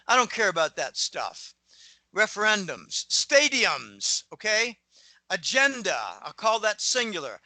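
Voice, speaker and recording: A middle-aged man from Pittsburgh with a plain American accent, talking as a guest commentator in a rambling, opinionated way and often clearing his throat. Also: high voice, sing-song, normal speed, pushed and bright, no echo, poor audio. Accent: General American, lost his Pittsburgh accent. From Pittsburgh, USA. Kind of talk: casual interview monologue.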